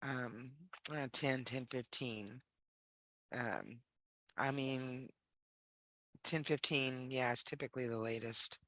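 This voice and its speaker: The voice is a chatty livestream host at an even, middle pitch, easygoing and quick to laugh. Talk wanders into fillers and restarts. The sound is close and dry, with no room around it. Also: no room sound. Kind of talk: casual livestream chat.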